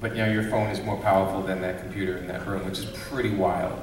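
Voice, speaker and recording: A man from Brooklyn, a comics creator hosting a convention panel, tells a funny story in a loose, animated way and acts out the voices of the people in it, laughing often. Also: deep voice, fast, a little hiss or hum. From Brooklyn, New York. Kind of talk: casual storytelling to a live audience. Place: large convention panel room. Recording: echoey hall, distant mic.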